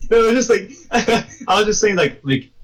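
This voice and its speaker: A man's voice: sits high, rough recording. A man co-hosting a podcast, chatting casually and swearing a lot, acting out the quotes in his stories. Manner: animated retelling with acted-out quotes, heavy swearing. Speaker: podcast co-host. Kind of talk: casual chat.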